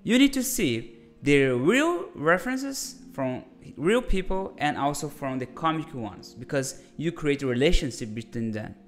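A man's voice: fairly high pitch, expressive, unhurried. A man hosting a casual live-stream design lesson, chatty and full of restarts, calling viewers "my friend".

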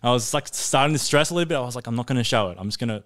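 A man's voice: mid-range voice, racing, a bit bright. A young man, casually telling a long, sweary story on a podcast and laughing along as he goes. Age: young adult. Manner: laid-back, sweary, laughs while telling. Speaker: podcast co-host. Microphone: podcast studio mic.

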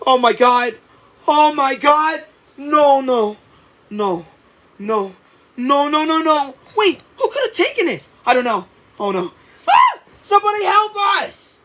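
A woman voicing a panicky young male monster who talks loud, frantic and rushed. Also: high-pitched, expressive, full character voice. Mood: panicked.

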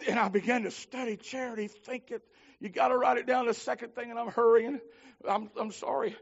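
A man preaching a holiness sermon, telling stories with fervor and swinging from shouts to low pleading. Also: fairly even intonation, fairly quick, creaky, husky, dull audio. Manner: fervent, climbs to shouting then drops low. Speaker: minister.

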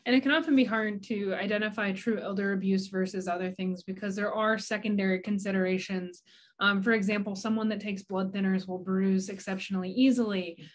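A woman co-presenting an educational webinar, explaining points in a measured way. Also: mid-range voice, steady tone.

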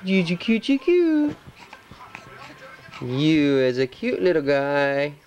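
Slow-talking father cooing at his baby. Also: on the high side. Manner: gentle, slow, fond baby talk. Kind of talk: home video narration.

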